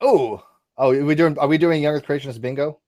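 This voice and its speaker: A man hosting a casual online debate call, talking quickly with lots of restarts and laughs. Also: a little high, dry recording, studio quality. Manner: animated, quick, laughing, self-interrupting. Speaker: host. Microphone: video call.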